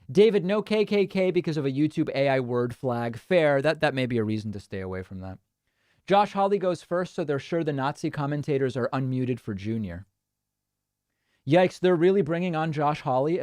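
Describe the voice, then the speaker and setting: A man hosts a casual livestream, reading viewer messages aloud and tossing off wry, deadpan asides. His voice sits a bit high for a man. It is recorded dry on a close studio mic. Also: no room sound. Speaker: livestream host.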